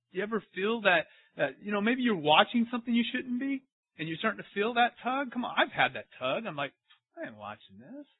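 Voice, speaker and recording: With a high voice and a breathy edge, a male pastor delivers an animated sermon, questioning the congregation as he goes. The audio lacks room sound and has a tinny, phone-like quality.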